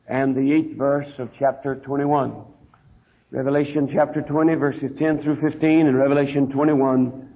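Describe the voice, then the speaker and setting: A man preaching a sermon in a church, who slows and drops into a heavy hush on his key words. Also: mid-range voice. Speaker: pastor. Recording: tinny lo-fi archive tape.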